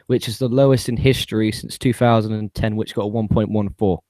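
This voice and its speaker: A man's voice: on the low side, fairly even intonation, brisk, background noise. A man co-hosting a casual chat, reading questions out and laughing along. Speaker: podcast co-host.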